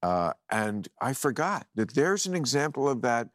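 A man's voice: medium pitch, sing-song, moderate pace, no echo, clean studio sound. A man ranting comedically on a talk show, mocking and profane, played as a clip.

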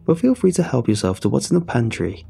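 A man's voice: mid-range voice, very animated, fast talker, vocal fry, mellow, slightly rough, faint music behind, full character voice. A man voicing a shrewd, shriveled elderly woman who squawks and rambles. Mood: squawking, rambling.

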